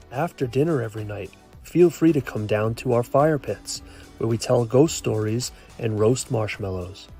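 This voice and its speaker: A man putting on a sultry, soft camp promo voice, whispered role-play. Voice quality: soft, seductive. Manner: slow, smooth sales pitch. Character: sultry adult male camp promo announcer.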